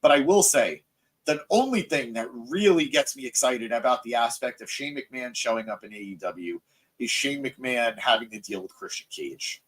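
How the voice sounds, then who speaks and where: Young guy hosting a live podcast, reading chat and riffing, jokey and excitable, lots of ums, medium pitch. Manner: excitable, joking, self-mocking, frequent fillers. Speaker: podcast host. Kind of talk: live wrestling review podcast, reading viewer comments.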